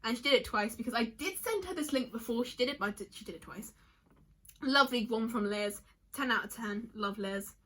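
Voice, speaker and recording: A woman's voice: a little high, lively intonation, a little fast, fairly bright tone. A young woman chatting casually in a vlog, reading out answers from friends and reacting as she goes, rambling with lots of "like" and stopping herself mid-sentence. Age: young adult. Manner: chatty and emotional, lots of likes and self-interruptions. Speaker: vlogger.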